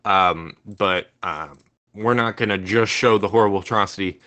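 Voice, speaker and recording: Deep-voiced Canadian man, rambling podcast chat. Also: moderate pace, bright, forceful tone. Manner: rambling, hesitant, lots of fillers. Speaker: podcast co-host. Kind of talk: casual chat. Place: home room.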